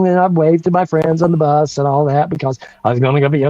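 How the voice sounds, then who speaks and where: A man in his sixties from North Carolina, a guest telling a childhood story in a casual, animated way, with frequent laughs and restarts. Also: fairly high pitch, quick pace, hardly any pauses, no echo, muffled recording. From North Carolina, USA.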